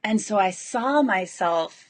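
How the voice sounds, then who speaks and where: Breathless woman coach, excitable and rambling, chatting live to her followers. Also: mid-range voice, slow. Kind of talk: live video chat to followers.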